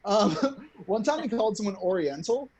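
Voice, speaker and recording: A young man performing a stand-up comedy set, loud and chuckling at his own jokes. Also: sits high, animated, normal speed. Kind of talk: stand-up routine.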